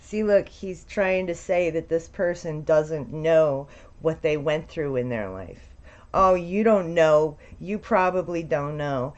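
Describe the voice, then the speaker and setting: A woman's voice: low-pitched, unhurried, a little mellow. A woman giving blunt, sarcastic reaction commentary on a streamer's video, swearing freely. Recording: dull lo-fi recording.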